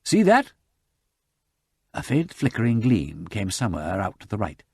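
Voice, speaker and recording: A man reading a novel aloud as an audiobook narrator, with dramatic, lively narration. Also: low-pitched, brisk, creaky, slightly rough, dry recording, studio quality. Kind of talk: scripted narration.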